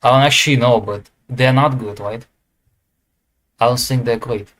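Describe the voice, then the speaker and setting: Man, casual tier-list commentator, mid-pitched, thinks out loud, hesitant, corrects himself often. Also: fairly even intonation, normal speed. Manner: thinking aloud, hesitant with fillers and self-corrections. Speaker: esports tier list creator. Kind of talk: casual commentary while ranking.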